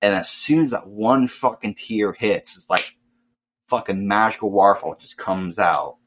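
A young man telling a casual, profane story and acting out loud voices. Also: on the low side, a little slow, a little hiss or hum. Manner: swears often, acts out voices loudly.

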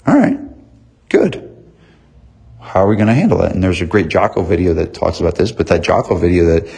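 A man in his thirties who owns a gym, giving an earnest motivational talk on leadership and staying calm, repeating points for emphasis. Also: fairly low pitch, slightly rough. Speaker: gym owner and business coach.

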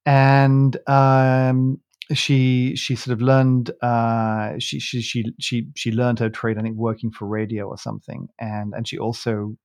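A man's voice: medium pitch, completely flat delivery, a little slow, a little mellow. A man co-hosting a podcast, chatting casually in a rambling way, often restarting and correcting himself with a chuckle. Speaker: podcast co-host. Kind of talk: casual chat.

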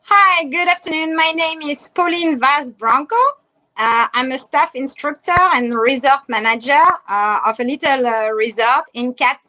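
A woman's voice: high-pitched, moderate pace, bright, forceful tone, poor audio. A woman with a French accent, a dive instructor and resort manager, answering interview questions with lots of hesitant fillers. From France. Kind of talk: online interview.

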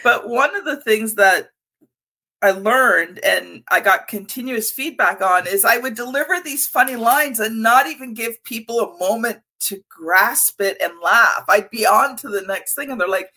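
A woman hosting a conversational podcast, her voice sitting a bit high and sounding bright and forceful. She tells personal stories expressively, shifting her delivery to land the funny moments. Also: moderate pace. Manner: lively, expressive storyteller. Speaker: podcast host. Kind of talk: conversational interview.

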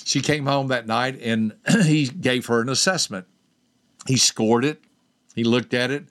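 An older man hosting a podcast, telling a personal story to listeners and asking them direct questions. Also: a little slow. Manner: lively storyteller, acts out quoted voices with big pitch jumps. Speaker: podcast host and personality teacher.

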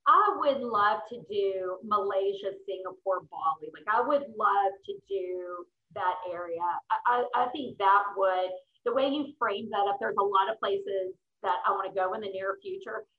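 A woman's voice: medium pitch, normal speed. A middle-aged woman, a podcast guest, telling travel stories in an enthusiastic, chatty way. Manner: enthusiastic, storytelling. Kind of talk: casual interview chat. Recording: roomy, slightly dull sound.

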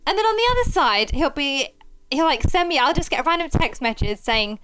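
A woman in her thirties co-hosting a podcast, telling stories in an animated, teasing way. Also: high voice, fairly quick, slight background noise, poor audio. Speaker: podcast co-host, doctor. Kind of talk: casual podcast chat.

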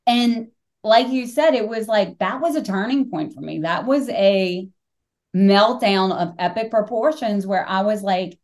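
A middle-aged woman hosting a podcast, telling stories in casual conversation, animated and swearing freely. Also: medium pitch, moderate pace. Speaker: podcast host.

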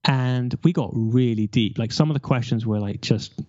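A man's voice: mid-range voice, normal speed, mellow, dry recording, highs cut off. A man in his forties from London, telling his life story candidly over a remote call, rambling with restarts. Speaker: guest.

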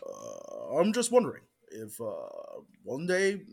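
A man's voice: lowish voice, wildly swooping pitch, slow, vocal fry, a little mellow. A man co-hosting a podcast, teasing in dry, casual banter. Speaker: podcast co-host. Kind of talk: casual chat.

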